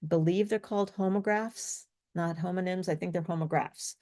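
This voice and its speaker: A woman's voice: on the low side, fairly even intonation, moderate pace, warm tone. A woman teaching a live pronunciation lesson, explaining step by step and correcting herself as she thinks aloud. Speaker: speech coach.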